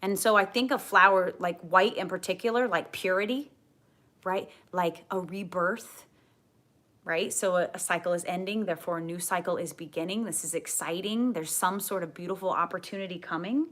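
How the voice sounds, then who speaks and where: A woman giving a tarot card reading to camera, gentle and earnest, often repeating her key phrases. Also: lowish voice, normal speed. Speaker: tarot reader.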